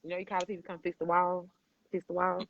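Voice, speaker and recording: A woman's voice: fairly low pitch, level tone, fast talker, gravelly, phone-quality sound. Emphatic woman talking straight, calls you baby. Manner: emphatic, preachy, swears freely; addresses listener as baby and boo. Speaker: podcast host. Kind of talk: candid podcast conversation.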